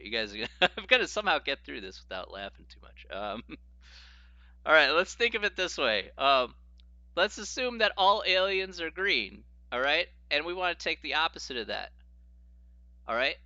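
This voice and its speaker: A man's voice: on the high side, very animated, moderate pace, long pauses, sharp tone, dry recording, muffled recording. A man teaching a live-streamed logic lesson, often laughing as he explains and reacts to viewer chat. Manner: giggly, keeps breaking into laughter while explaining.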